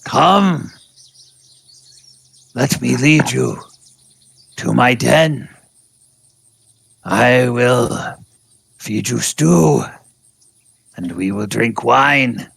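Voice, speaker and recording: A man's voice: medium pitch, extremely slow, vocal fry, long pauses, a bit bright, husky, dry recording, voice pushed up, heavily acted. A man voicing a proud old male tabaxi hunter with lofty, formal speech. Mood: hospitable.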